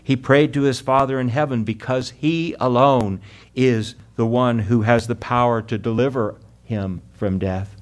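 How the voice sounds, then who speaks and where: A man's voice: medium pitch, steady tone. Earnest male preacher with swelling emphasis. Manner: earnest preaching, drops loud then soft for emphasis, slows on scripture; addresses the congregation as "my friends" and "beloved". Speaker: pastor. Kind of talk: sermon.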